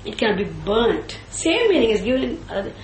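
A woman's voice: a little high, big pitch swings, roomy sound, slight background noise, low-quality recording. A woman teaching a scripture class. She chants Sanskrit terms and asks and answers her own questions. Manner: slow and deliberate, repeats and chants Sanskrit terms.

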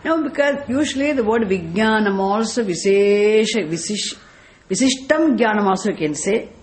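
This woman is a spiritual teacher from Tamil Nadu in South India, and her accent reflects it. Speaking at a normal speed in a mid-range voice with lively intonation, she lectures on scripture and poses rhetorical questions about Sanskrit terms.

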